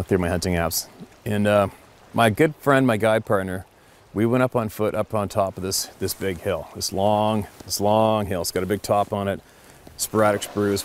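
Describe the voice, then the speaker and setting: A middle-aged man with a slightly low voice tells a story in a loose, casual way. He is an experienced hunting guide who rambles, circles back and repeats himself, and his voice is animated throughout. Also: slight background noise.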